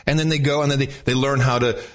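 A man's voice: mid-range voice, fairly even intonation, fast talker. A middle-aged man co-hosting a podcast in casual chat, joking, laughing often and fumbling for words. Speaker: podcast co-host.

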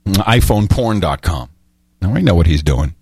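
Animated rambling man, dry sound. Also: low voice, moderate pace, husky, no room sound. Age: middle-aged. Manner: rambling, animated storytelling, with many restarts. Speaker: podcast host. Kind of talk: casual chat.

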